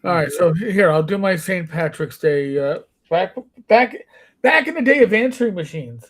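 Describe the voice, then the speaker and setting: Former cop telling lively anecdotes. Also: male voice, sits high, moderate pace. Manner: anecdotal, animated storyteller. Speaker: former police officer, chat guest. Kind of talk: casual chat.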